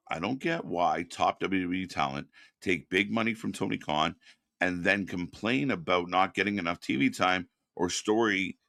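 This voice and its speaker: Guy ranting on a live stream, bright forceful voice, swears a lot, dry close sound. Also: sits low, creaky, dry recording. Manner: profane, exasperated ranting, then calmer replies to chat. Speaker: live stream watch-party host. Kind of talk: live reaction commentary, reading chat.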